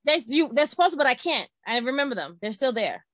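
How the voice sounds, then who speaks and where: Female co-host, casual chat, slightly high voice, dry recording. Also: very animated, quick pace, a bit bright, dry recording. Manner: chatty, full of "like" fillers, confused and emphatic. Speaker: wrestling show co-host.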